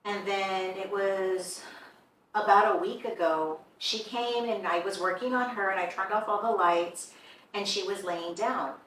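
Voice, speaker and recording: A woman's voice: mid-range voice, a little slow. A woman who owns a shop tells of strange events in casual conversation, acting out what people said. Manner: animated storyteller who acts out quoted dialogue. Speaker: shop owner and tattoo artist. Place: indoors in a shop. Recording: echoey room, mic some distance off, faint background hum.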